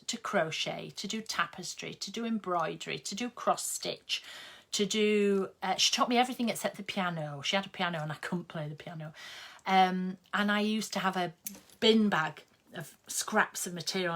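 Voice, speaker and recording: Older woman, lowish voice, rambling casual chat, lots of ums. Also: fairly bright tone. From England. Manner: chatty, rambling, with many ums. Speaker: host of a live stream. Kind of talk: casual chat while sewing.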